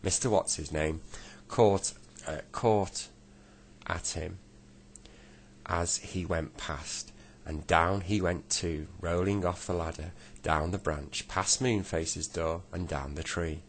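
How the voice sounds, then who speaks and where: A man reading a children's storybook aloud at an unhurried pace, now and then slipping and correcting himself. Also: sits low, steady tone, slight background noise. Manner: unhurried, with small slips and self-corrections.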